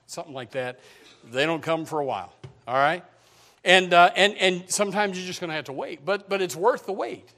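A man's voice: high voice, fairly bright tone. A middle-aged male pastor preaching a sermon in a folksy manner, repeating words and joking with his congregation.

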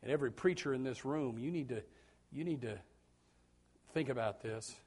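A man preaches at a moderate pace in a husky, medium-pitched voice. His sermon is folksy and full of jokes, dipping into quiet asides and then exploding into loud shouts, with repeated words as thoughts begin.

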